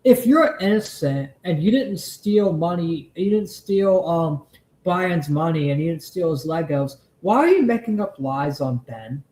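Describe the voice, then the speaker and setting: A man's voice: on the high side, lively intonation, a little slow, mellow, echoey room, poor audio. A man hosting a live stream, angrily ranting and swearing as he reacts to a video. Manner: angry, profane ranting. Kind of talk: heated live commentary.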